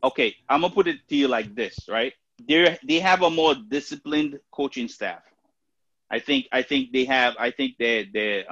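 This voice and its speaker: A man's voice: mid-range voice, a bit bright, no room sound. Man in dull, dry lo-fi recording. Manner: hesitant, many fillers and restarts. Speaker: podcast co-host. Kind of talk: casual sports talk.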